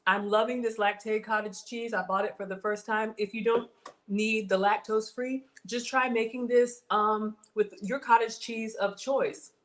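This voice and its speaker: A woman's voice: on the high side, fairly even intonation, measured pace. A woman hosting a casual cooking livestream, chatting with viewers about her food and reading their comments. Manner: chatty, reads viewer comments, says y'all.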